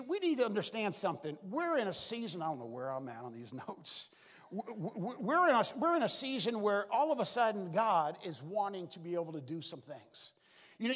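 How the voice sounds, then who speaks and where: Long reverb from a big hall surrounds this sermon by a male pastor, whose voice is high-pitched and fairly bright. He retells the story, performs the characters' lines, and keeps returning to the phrases "all of a sudden" and "be able to."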